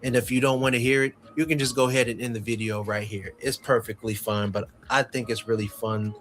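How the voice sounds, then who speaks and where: A man telling a story casually on his channel, rambling and animated, then reading out a poem. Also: medium pitch, fairly quick, few pauses, slight background noise. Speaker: YouTuber.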